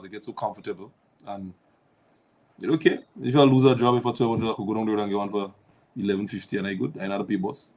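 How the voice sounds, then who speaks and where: A man, a guest on the line, speaking in a measured, hesitant way with many ums. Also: on the low side, a little mellow, slightly rough.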